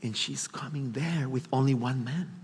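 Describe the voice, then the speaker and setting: A man giving a motivational stage talk, telling a personal story in an animated way and acting out his inner voices. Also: mid-range voice, normal speed, husky. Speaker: motivational speaker. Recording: long hall reverb.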